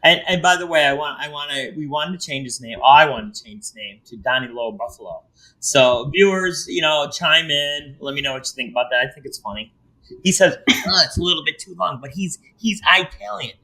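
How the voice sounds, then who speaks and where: Male podcast host, bright tone, loose and jokey delivery. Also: a little high, lively intonation, brisk, rough recording. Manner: joking, rambling, teasing his co-host. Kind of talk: casual podcast chat.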